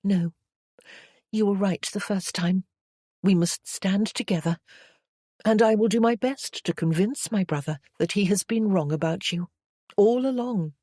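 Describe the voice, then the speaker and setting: A woman voicing a young lady in love in a period romance, soft and earnest, a little higher than her narration. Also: a little slow, dry recording, studio quality, close to an everyday voice. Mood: tender.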